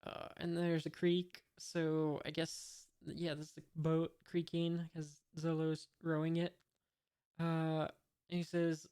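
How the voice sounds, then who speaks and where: A man's voice: on the high side, completely flat delivery, slow pace, a little mellow, smooth. A man from the United States reading a comic aloud for the first time, describing each panel and adding hesitant, wry asides. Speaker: manga reader, channel host.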